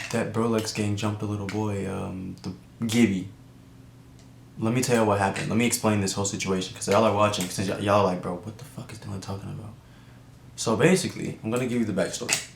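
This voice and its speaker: A young man from Atlanta tells a story from his own life in a loose, slangy ramble, circling back and restarting his sentences. His voice sits low and gravelly. The room gives a noticeable echo. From Atlanta, USA. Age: young adult. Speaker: YouTuber. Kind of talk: casual storytime monologue. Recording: roomy echo, faint background noise.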